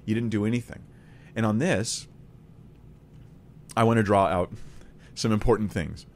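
Low-voiced, earnest man teaching the Bible. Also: normal speed, slight background noise. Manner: earnest, emphatic, restating key points. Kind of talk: conversational Bible study.

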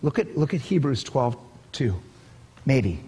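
A man's voice: medium pitch, unhurried, a little hiss or hum. An older man preaching a sermon as pastor, telling stories with emphatic bursts. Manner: animated storytelling, emphatic bursts. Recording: long hall reverb.

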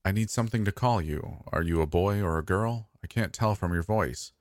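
A man's voice: sits low, normal speed, no echo, clean studio sound, natural voice. A man voicing a shy, earnest sixteen-year-old boy whose voice has not yet dropped, in a spoken story. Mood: eager. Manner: earnest and nervous.

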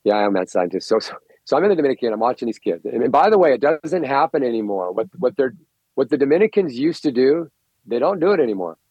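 A middle-aged man, a coaching guest on a podcast, telling stories in an excitable, rambling way and often repeating words. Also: mid-range voice, quick pace, slightly rough, dry recording. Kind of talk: animated storytelling interview. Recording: dull, lo-fi, dry recording.

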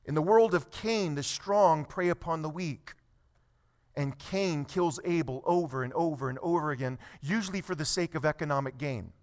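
A man with a fairly high voice delivers a sermon. He reads scripture at a slow, measured pace, then presses his points with rising force. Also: a little mellow. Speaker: pastor.

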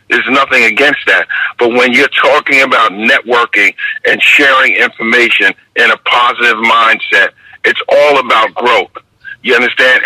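Bright, husky New York man, measured. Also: medium pitch, dry recording, low-quality recording. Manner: measured, repeats "you understand?". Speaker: guest, basketball referee mentor. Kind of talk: reflective interview storytelling.

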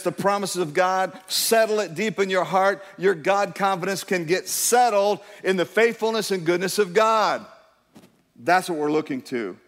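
A middle-aged male pastor preaches in a church sanctuary, where a long reverb trails his voice. He sits a little higher in pitch than most men. His delivery is emphatic, and he keeps urging the listeners to answer him. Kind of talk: sermon.

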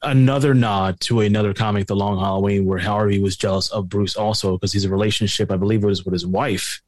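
A man's voice: lowish voice, fairly even intonation, quick pace, darkish tone, no room sound. A man co-hosting a podcast in casual chat, chatty and prone to digressions. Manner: chatty and digressive, often laughing along. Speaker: podcast co-host.

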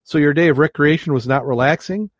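A man's voice: fairly high pitch, fast, no room sound, clean studio sound, pitched above the performer's own voice, lightly acted. A man voicing a prim, composed elderly Mother Superior while telling a joke.

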